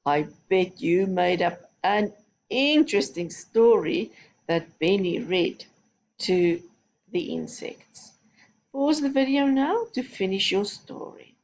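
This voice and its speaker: A woman's voice: medium pitch, animated, slow, darkish tone, highs cut off. A woman teaching a recorded phonics lesson to young children, giving patient, step-by-step instructions. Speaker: primary school teacher.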